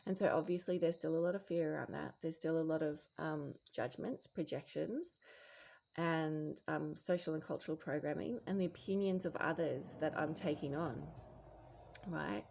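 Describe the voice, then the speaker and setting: Late at night, a spiritual vlogger with a low, gravelly voice muses aloud at a moderate pace. Her reflective, rambling monologue is packed with fillers and restarts, and now and then she drops into a soft whisper.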